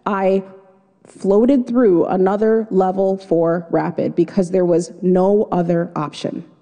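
A woman's voice: on the low side, fairly even intonation, takes it slowly, mellow. A woman telling a personal story live on stage, in a vivid, dramatic first-person way. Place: stage before an audience. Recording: long hall reverb.

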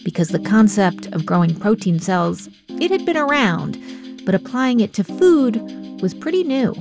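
A woman's voice: medium pitch, big pitch swings, normal speed, creaky. Woman radio host over music. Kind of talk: scripted radio narration with interview. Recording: music bed under the voice.

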